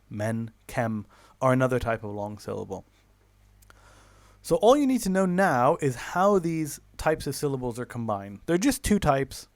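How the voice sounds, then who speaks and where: A man teaching a recorded online lesson, explaining step by step with many fillers and self-corrections and slowing down for drawn-out example words. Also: medium pitch, no room sound.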